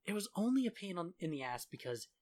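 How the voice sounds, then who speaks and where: A man's voice: high voice, sing-song, quick pace, darkish tone. A man in casual chat about a video game, sarcastic and laughing often as he mocks the characters' lines.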